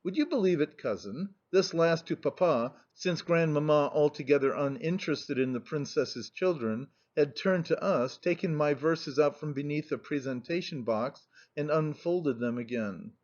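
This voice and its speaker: A man narrating a classic novel in a measured, even reading. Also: fairly high pitch. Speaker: audiobook narrator. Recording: muffled lo-fi recording.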